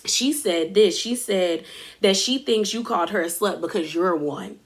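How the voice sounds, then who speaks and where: Woman, reality TV recap host, casual, gossipy, acts out quotes, mid-pitched. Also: normal speed. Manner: gossipy retelling, acts out quotes, laughs often.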